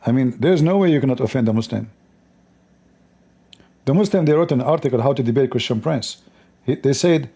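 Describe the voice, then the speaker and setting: A man's voice: medium pitch, fairly quick, long pauses, warm tone, breathy edge. Mocking man. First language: Arabic. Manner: mocking, repetitive, emphatic. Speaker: host of a call-in debate show. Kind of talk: combative live-stream commentary.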